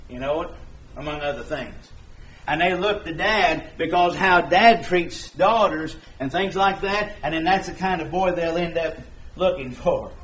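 A man's voice: fairly high pitch, a little slow, a bit bright, slight background noise, low-quality recording. A man preaching a sermon, shifting from conversational talk to emphatic exhortation.

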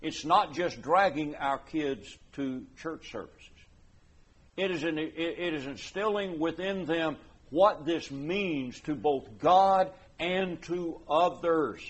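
A man's voice: a little high, expressive, measured pace, a bit bright, breathy edge. A man preaching a conversational sermon, earnest, often repeating words and voicing imagined parents.

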